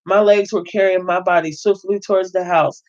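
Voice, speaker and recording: A man reads a novel aloud in a fairly high voice. He keeps a steady pace but stumbles now and then and corrects himself. The recording is muffled and lo-fi. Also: normal speed. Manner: steady reading with occasional stumbles and self-corrections. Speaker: host reading a novel aloud.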